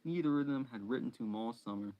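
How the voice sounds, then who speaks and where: A man's voice: mid-range voice, fast, warm tone, low-quality recording. A man reading a novel aloud in a casual, unpolished way, stumbling and restarting words and breaking off for asides. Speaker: hobby reader.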